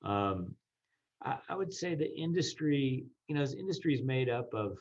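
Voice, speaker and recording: A man's voice: medium pitch, very animated, normal speed, dull audio. A man who runs a ski area, speaking thoughtfully in a panel discussion and often repeating words.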